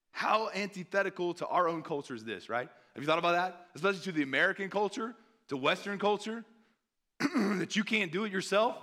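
A man in his thirties delivers a sermon with a slightly raised pitch. He talks in a loose, conversational way, stopping often to ask his listeners questions. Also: a bit bright. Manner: conversational, asks the audience often with "right?". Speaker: missionary preacher.

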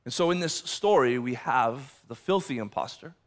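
A man's voice: medium pitch, animated, normal speed. A male pastor preaching a sermon, emphatic and passionate, often repeating words as he builds momentum.

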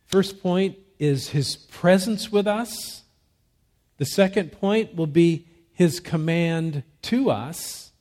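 Male pastor, sermon delivery, emphatic and measured, slightly raised pitch, nursing a cough. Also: a little mellow. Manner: measured, emphatic preaching with rhetorical questions. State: fighting a cough.

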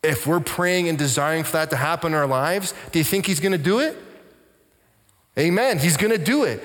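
Brief: male pastor from Canada, higher-pitched preaching voice, lively stories, hushed emphatic moments. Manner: animated storytelling, drops to soft intense tones. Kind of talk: sermon. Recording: long church reverb.

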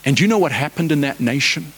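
A man delivers a fervent sermon in a voice pitched a little above most men's. He drives his points home with repeated rhetorical questions. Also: expressive, quick pace, a bit bright, husky. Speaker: preacher.

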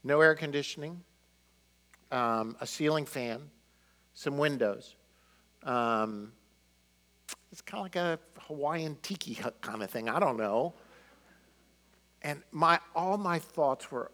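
A middle-aged man telling personal stories in a conversational sermon, animated and full of fillers. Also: mid-range voice, unhurried. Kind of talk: sermon storytelling.

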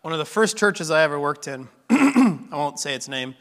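A man's voice: on the high side, sing-song, normal speed, a bit bright, big-room sound. A pastor telling a story in a sermon, conversational and full of restarts, his voice a little worn.

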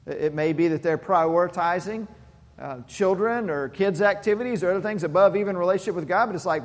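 Male pastor, earnest sermon delivery with stumbling repeats, slightly high voice, long hall reverb. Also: fast. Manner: earnest, repeats words when building a point.

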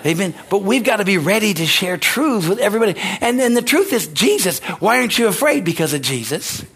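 A man's voice: high-pitched, big pitch swings, a little fast, fairly bright tone, husky. A man preaching a rousing sermon, calling out amens and hallelujahs between points. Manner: rousing, call-and-response preaching. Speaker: pastor.

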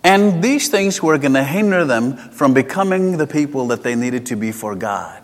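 A man with a South African accent delivers a sermon in a conversational way, sharing personal stories and shifting from emphatic statements to quiet asides. His mid-range voice is animated and moves at a normal speed, with long hall reverb on the recording.

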